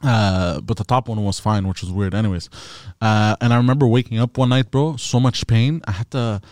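A man in a casual chat, relaxed and swearing freely as he tells a story. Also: on the low side, fairly quick, no room sound, clean studio sound. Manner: swearing, relaxed, says bro.

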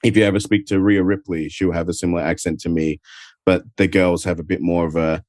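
A man's voice: deep voice, little pitch movement, a little fast, darkish tone, dry recording, clean studio sound. A man with an Adelaide Australian accent, chatting easygoingly as an interview guest from home, rambling with lots of filler words. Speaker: guest, professional wrestler. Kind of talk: casual interview chat.

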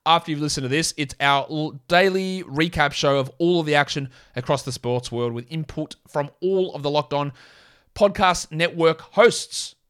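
Australian man with a higher voice. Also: a bit bright, smooth. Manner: rattles off player lists, frequent quick self-corrections. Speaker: fantasy basketball podcast host. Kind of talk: casual solo podcast talk.

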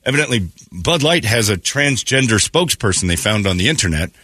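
A man's voice: on the low side, sing-song, fairly quick, pushed and bright, no echo, studio quality. A man hosting a morning radio show, chatting casually and slipping into mocking quoted voices.

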